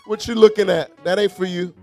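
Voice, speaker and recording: High-voiced man preaching a sermon. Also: steady tone, a little fast, soft background music. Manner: rhythmic call-and-response preaching, swings from shouted refrains to quiet asides.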